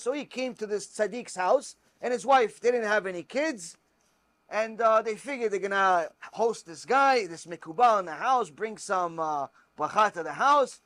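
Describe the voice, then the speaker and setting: A rabbi teaches religious law through stories, hammering his points with repetition. His voice sits high for a man. The recording is dry and close. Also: unhurried, dry recording. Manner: emphatic, repetitive, animated storyteller.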